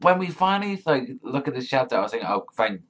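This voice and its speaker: A man's voice: mid-range voice, sing-song, fast, fairly bright tone. A man giving a casual, profane review, rambling with lots of fillers and swearing. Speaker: manga reviewer.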